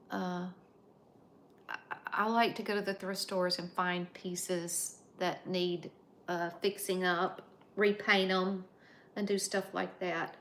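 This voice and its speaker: An American woman hosting a casual live stream, chatting and reading out viewer comments in an unhurried way. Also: lowish voice, a bit bright, a little hiss or hum. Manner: unhurried, chatty, drawn-out phrasing. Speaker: livestream host.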